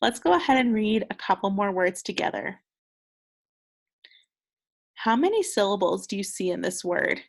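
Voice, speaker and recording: A woman's voice: mid-range voice, sing-song, moderate pace, gravelly, pauses often. A young woman teaching second graders a recorded phonics lesson, patient and encouraging, sounding out words with care.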